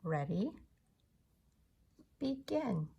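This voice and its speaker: A woman teacher leading a children's phonics lesson, slowly sounding out letters and blending them into words with gentle encouragement. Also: medium pitch, very animated, vocal fry, slightly rough, dull audio. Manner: gentle, encouraging teacher talk to young kids.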